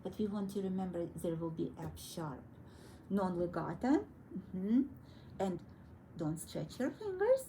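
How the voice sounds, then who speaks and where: A woman teaching a young child piano, gently coaxing and encouraging her through each step. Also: lowish voice, measured pace, slight background noise, poor audio. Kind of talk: one-on-one children's piano lesson. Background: piano playing.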